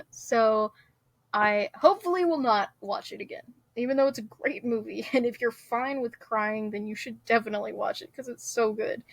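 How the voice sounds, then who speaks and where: A woman's voice: on the high side, fairly bright tone, no echo. Giggly young woman rambling on camera. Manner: giggly, rambling, lots of "like" and fillers. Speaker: vlogger. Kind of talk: casual chat.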